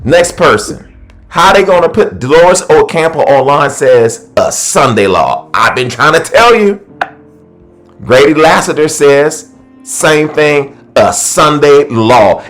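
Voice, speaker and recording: A man hosting a Bible study call, preaching with excitement, exclaiming and repeating himself to his listeners. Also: fairly high pitch, slow pace, soft background music.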